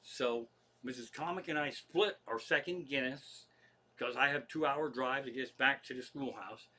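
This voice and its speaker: A middle-aged comedian with a Pennsylvania accent tells loose, profane stories on a livestream from his living room. His medium-pitched voice is bright and forceful at normal speed, full of chatty asides.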